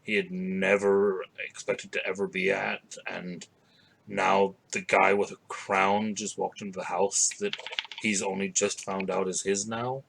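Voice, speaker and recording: Gravelly-voiced male game master. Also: deep voice, level tone, measured pace, fairly bright tone, a little hiss or hum, poor audio. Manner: rambling, hesitant with many "kind of"s. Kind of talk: narrating a tabletop game.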